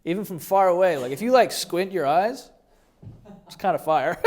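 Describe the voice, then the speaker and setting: A man's voice: high voice, animated, normal speed, darkish tone. A man hosting a comedy video, riffing crudely and rambling as he comments on photos, often breaking into laughter. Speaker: comedy YouTube host.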